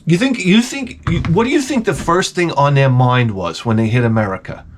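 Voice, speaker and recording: A man's voice: medium pitch, brisk, slight background noise. A man, telling a profane, rambling story in a casual vlog. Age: 40s. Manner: animated, profane, repeats himself. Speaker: vlogger.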